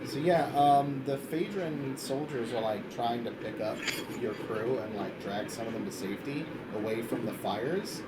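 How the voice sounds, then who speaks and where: Man, game master, tabletop narration, hesitant, filler-heavy, mid pitch, noisy background. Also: moderate pace, hardly any pauses.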